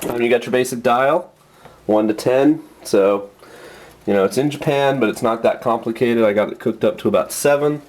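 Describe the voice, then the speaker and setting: A man's voice: lowish voice, a little fast, a little mellow, slight background noise. Man chatting while cooking in a kitchen. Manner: chatty, explaining step by step. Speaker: vlogger. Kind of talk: casual cooking vlog. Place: small apartment kitchen.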